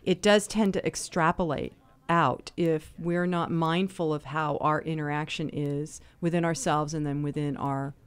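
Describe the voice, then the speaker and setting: Female host, forties, slightly low voice, chatty and personal. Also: fairly even intonation, measured pace, smooth. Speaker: radio talk show host. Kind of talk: conversational interview.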